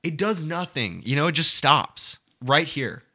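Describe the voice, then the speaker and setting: A man's voice: a little high, sing-song, unhurried, pushed and bright. A young man co-hosting a casual podcast, telling rambling, profane stories and laughing through them. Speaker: podcast co-host.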